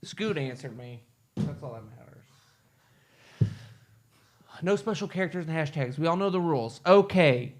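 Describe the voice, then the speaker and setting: Podcast host guy, a bit high, teasing his friends, laughs a lot. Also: expressive, measured pace, pauses often, slight background noise. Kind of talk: casual comedic chat.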